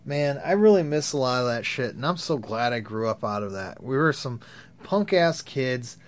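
A man's voice: medium pitch, expressive, normal speed. A young man telling crude, rambling stories in a casual, profane way, laughing at his own tales. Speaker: vlogger. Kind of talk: profane storytelling rant.

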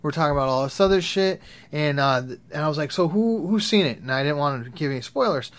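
A man's voice: fairly high pitch, lively intonation, quick pace, a bit bright. A young man telling crude, rambling stories in a casual, profane way, laughing at his own tales. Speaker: vlogger. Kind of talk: profane storytelling rant.

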